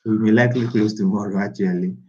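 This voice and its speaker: A man's voice: fairly low pitch, steady tone, fast, darkish tone. Man, trading coach, emphatic, repetitive, preachy, dull lo-fi sound. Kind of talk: casual live class talk.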